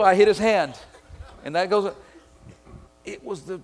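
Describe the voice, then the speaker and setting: A man's voice: sits high, normal speed, long pauses. A middle-aged pastor from Mississippi preaching a sermon, telling a story and driving home his point. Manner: storytelling, builds to excited shouting.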